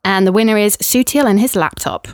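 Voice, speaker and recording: A woman co-hosting a podcast, reading a scripted comic awards segment in a dry, deadpan way. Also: medium pitch, fairly quick, background noise. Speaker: podcast co-host presenting awards.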